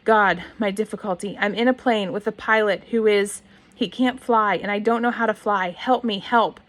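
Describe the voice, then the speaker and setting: A woman's voice: mid-range voice, steady tone, moderate pace, a bit bright, lightly acted. A panicked boy pleading over a radio, as a woman reads him. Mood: desperate. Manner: desperate, pleading, repeating himself. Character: frightened boy stranded flying a small plane.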